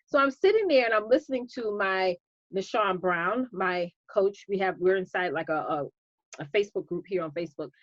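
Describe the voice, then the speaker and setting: Woman, live-stream business coach, chatty and animated, calls out viewers by name, dry close sound, dull lo-fi audio. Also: mid-range voice, moderate pace, no room sound. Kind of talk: casual live-stream chat.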